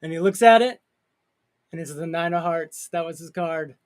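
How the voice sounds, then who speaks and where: A man's voice: fairly high pitch, moderate pace, slight background noise. A man co-hosting a casual chat, telling stories and laughing often. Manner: jokey storyteller, laughs often. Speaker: podcast co-host.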